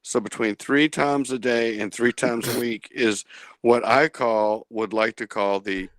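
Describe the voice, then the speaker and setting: A man's voice: mid-range voice, fairly even intonation, measured pace, no room sound. A man hosting a casual podcast, reading an article aloud with dry asides and chuckling at himself. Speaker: podcast host.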